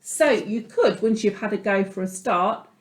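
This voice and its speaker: A woman's voice: medium pitch, animated, moderate pace, a little hiss or hum. A woman music teacher guiding children patiently through an online lesson, talking them through her drawing as she goes. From England. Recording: echoey room.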